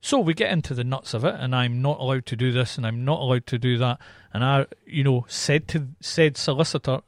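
A Scottish man telling a story in a casual chat, animated and swearing heavily. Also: mid-range voice, brisk, hardly any pauses, no echo, studio quality.

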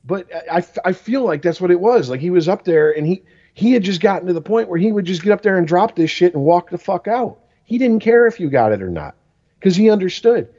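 A man's voice: high-pitched, animated, fairly quick, warm tone. A man in his forties, co-hosting a podcast, telling rambling stories full of swearing. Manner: profane, rambling storytelling. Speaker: podcast co-host. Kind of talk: casual chat. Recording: dull lo-fi recording.

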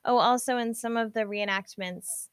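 A woman's voice: fairly high pitch, normal speed, clear, resonant tone, dry recording. Chatty woman podcast co-host, dry sound. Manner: animated, reads quotes from newspaper articles. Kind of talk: casual chat.

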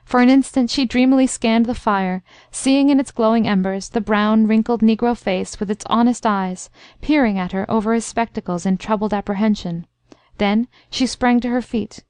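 A woman narrating a classic story in a measured, expressive reading. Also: fairly high pitch, clear, resonant tone, no room sound. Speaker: audiobook narrator. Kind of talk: scripted narration.

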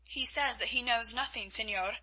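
A woman's voice: a little high, moderate pace, pushed and bright, slightly rough, exaggerated voice. A woman reading an indignant young captive woman. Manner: indignant, direct.

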